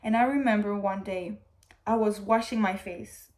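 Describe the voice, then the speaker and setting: A woman's voice: mid-range voice, fairly even intonation, normal speed, a little mellow. A woman chatting casually to her channel in a rambling, candid way, full of "like" fillers and swearing, at times getting emotional. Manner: swears freely; emotional, gets teary. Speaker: vlogger. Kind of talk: casual chat.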